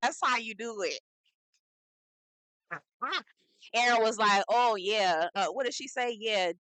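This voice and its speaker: Lively, sassy woman recapping reality TV. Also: on the high side, slow pace, no room sound, rough recording. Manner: chatty, sassy, slangy storyteller acting out quotes. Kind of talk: casual vlog recap.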